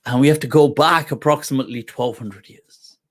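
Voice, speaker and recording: A man hosting a talk show, telling a personal story in a casual, animated way with frequent laughter. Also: mid-range voice, fairly quick. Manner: animated, laughs often, acts out quoted voices. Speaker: host.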